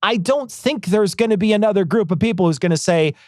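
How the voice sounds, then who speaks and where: High-voiced man ranting casually. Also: a little mellow, dry recording, studio quality. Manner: profane, rambling, quick to mock. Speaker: podcast co-host. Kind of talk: casual political chat.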